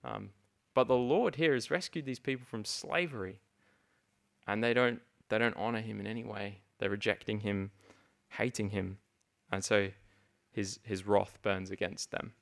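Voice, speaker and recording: Gravelly low-voiced man teaching scripture. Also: fairly even intonation, normal speed, a bit bright. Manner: earnest, with frequent fillers and restarts. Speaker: preacher. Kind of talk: expository Bible teaching.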